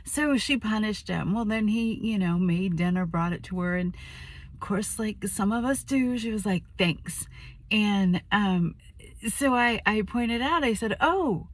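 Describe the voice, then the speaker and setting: A woman's voice: mid-range voice, a little slow. A woman relationship coach telling a story to camera in a chatty, self-deprecating way, with fillers and asides.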